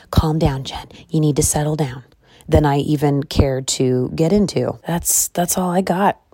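A woman in her thirties hosting a podcast, chatting candidly and excitably, tired and hungry, swearing freely. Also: sits low, no echo, studio quality. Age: 30s. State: tired and calorie deprived. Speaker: podcast host. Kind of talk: casual personal chat. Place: car or bed at home.

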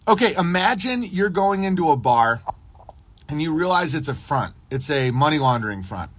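A man's voice: a little high, sing-song, normal speed, a bit bright, slightly rough, no room sound. A man hosting a casual livestream, talking in a rambling monologue full of restarts and acted-out dialogue. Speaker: podcast host.

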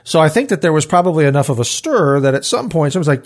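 Speaking fast in a slightly high voice, this podcast co-host reads verses during a casual Bible study talk. He's animated, performing the scripture quotes with feeling and a rising voice.

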